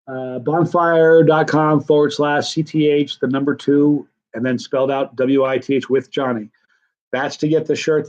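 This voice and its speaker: A man's voice: a little high, a little mellow, lo-fi sound. A middle-aged man hosting a hot-pepper challenge live stream, chatting casually and rambling through comments with lots of restarts.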